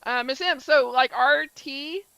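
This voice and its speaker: Woman, gaming streamer, chatty and rambling, fairly high, bright forceful tone. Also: unhurried, vocal fry, no room sound, low-quality recording. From southern United States. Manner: chatty, answers chat, many filler likes. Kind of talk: casual chat while streaming a game.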